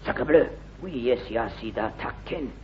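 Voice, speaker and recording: A man's voice: mid-range voice, animated, moderate pace, darkish tone, lightly acted. A man in 1950s radio comedy playing a pompous Foreign Legion captain with mock-French bluster. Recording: hissy muffled 1950s radio recording.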